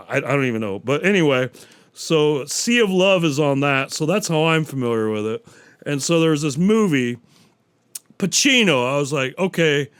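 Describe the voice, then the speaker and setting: A man's voice: fairly high pitch, a bit bright, smooth, no room sound. A man hosting a solo podcast, chatting casually and rambling, swearing freely and acting out bits of dialogue. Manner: rambling, profane, acts out quotes. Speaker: podcast host. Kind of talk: casual solo movie talk.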